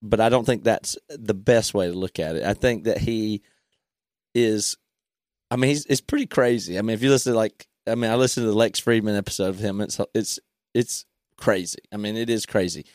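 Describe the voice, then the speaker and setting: A man's voice: fairly low pitch, fairly quick, a little mellow, dry recording, clean studio sound. Rambling man in casual chat. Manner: hesitant, rambling with restarts and fillers.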